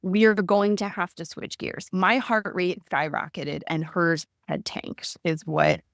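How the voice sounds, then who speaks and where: A woman in her thirties telling a personal story in a conversational way, animated and acting out the lines of people in it. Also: fairly low pitch, measured pace, vocal fry, no echo, studio quality. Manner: animated, acts out quoted dialogue. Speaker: guest recounting her birth.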